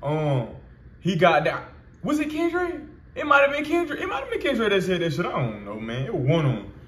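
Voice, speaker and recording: Twenties man vlogger, casual slangy storytelling, slightly high voice, roomy echo. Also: huge pitch swings, normal speed, a bit bright. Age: 20s. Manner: loose, profane street slang with many fillers.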